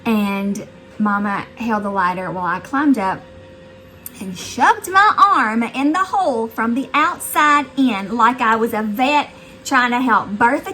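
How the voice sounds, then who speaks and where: A middle-aged woman from the Southern US with a Southern accent, chatting to viewers as she tells a story in her vlog, animated and talkative. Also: a little high, poor audio. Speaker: vlogger. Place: her house, indoors and out.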